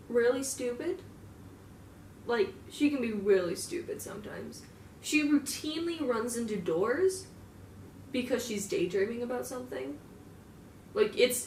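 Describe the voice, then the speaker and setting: A young woman rambles through a casual in-character monologue, swearing freely and scattering filler words as she goes. She sits some distance from the mic in an echoey room, with a faint hum of ambience behind her. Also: mid-range voice. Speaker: fan roleplayer.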